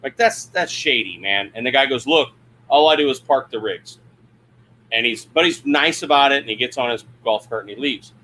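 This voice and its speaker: A man's voice: mid-range voice, a little fast, sharp tone, a little hiss or hum. A man hosting a casual livestream from his camper, rambling, laughing at himself and reading chat comments aloud. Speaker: livestream host. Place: RV camper interior at a campground.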